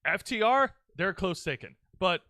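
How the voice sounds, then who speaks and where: Bright-voiced man recapping wrestling casually. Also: high-pitched, very animated, moderate pace, no room sound, clean studio sound. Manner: rambling, playful, restarts sentences. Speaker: wrestling show co-host. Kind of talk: casual podcast chat.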